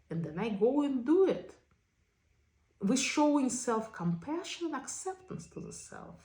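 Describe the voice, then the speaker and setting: A woman's voice: high voice, very animated, measured pace, mellow. A woman teaching a self-compassion session in English that is not her first language, often checking in with "okay?". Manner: non-native English phrasing. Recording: echoey room.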